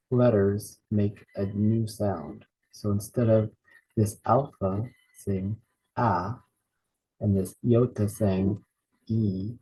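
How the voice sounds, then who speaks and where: A man teaching a lesson, saying each word slowly and repeating it with care. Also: on the low side, mellow, slightly rough, rough recording. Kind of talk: slow spoken lesson naming Greek letters.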